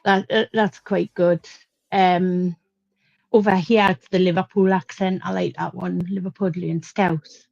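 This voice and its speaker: A woman's voice: on the low side, little pitch movement, creaky, darkish tone, no echo. A middle-aged woman with a Geordie accent, chatting casually on a livestream panel and laughing often. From northeast England. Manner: chatty, laughs often, loose pauses and fillers. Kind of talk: casual chat. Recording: dull lo-fi stream audio.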